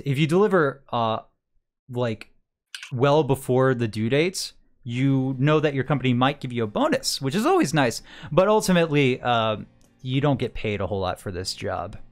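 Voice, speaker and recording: A man narrating a tabletop game as game master, rambling through his descriptions with frequent fillers and restarts. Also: mid-range voice.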